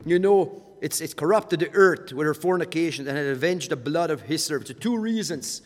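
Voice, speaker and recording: A man's voice: fairly high pitch, lively intonation, brisk, in a large hall. A man teaching a Bible study in a conversational way, often repeating words as he goes.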